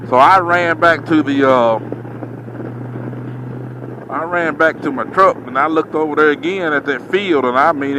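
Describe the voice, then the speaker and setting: A man's voice: medium pitch, background noise. A man, a truck driver, telling a story in a casual, drawling way and acting out his own reactions.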